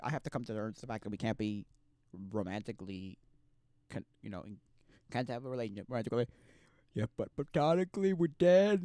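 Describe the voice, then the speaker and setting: A young man streaming casual chat, rambling and restarting, swinging between loud outbursts and quiet mumbles. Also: mid-range voice, clean tone, no echo.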